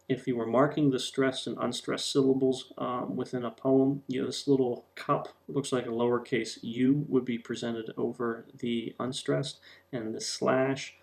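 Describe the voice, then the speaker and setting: Man, gravelly mid-pitched teacher voice, lesson narration full of fillers. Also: darkish tone. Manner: explanatory, with frequent ums and uhs. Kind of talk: recorded lesson narration over slides.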